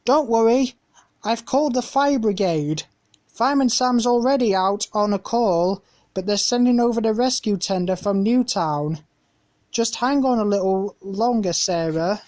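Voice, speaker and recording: A woman's voice: medium pitch, unhurried, a little mellow, no room sound, clean studio sound, pitched above the performer's own voice, close to an everyday voice. A woman voicing an eager young boy playmate in a storybook reading.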